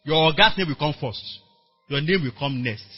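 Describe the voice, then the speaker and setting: A Nigerian pastor with a high, husky voice preaches at a moderate pace to a church workers meeting. He tells his story in an animated way, acting out quoted dialogue and calling on the congregation to answer back. The audio is dull and lo-fi, like a church recording.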